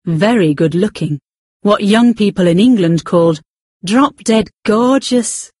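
A woman reading a novel aloud as narrator, expressive and slowing down to stretch out key words. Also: mid-range voice, husky, no echo, clean studio sound. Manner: expressive, with drawn-out emphasis. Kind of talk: scripted audiobook narration.

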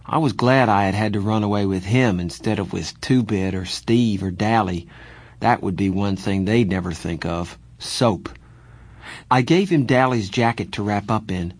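A man narrating a first-person novel as an audiobook, reading in a steady, measured way. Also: fairly low pitch, dry recording.

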